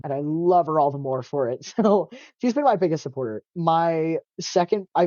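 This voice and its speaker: A man's voice: a little high, darkish tone, no echo. A young man talking casually as an interview guest, rambling with lots of fillers and restarts, open and emotional and laughing often. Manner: rambling, many fillers and self-corrections. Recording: dull, muffled lo-fi recording.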